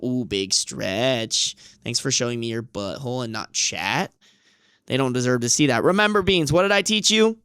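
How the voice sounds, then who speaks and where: A man's voice: mid-range voice, moderate pace, fairly bright tone, smooth, dry recording, studio quality. A man streaming live from home, chatting casually and cooing in playful baby talk to his cat, swearing freely. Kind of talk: casual livestream chat.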